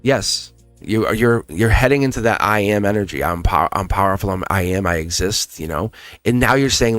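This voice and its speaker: A man giving a casual, animated live tarot reading to a viewer, chatty and encouraging, with the odd swear word. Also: fairly low pitch, brisk, no echo, soft background music. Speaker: tarot reader.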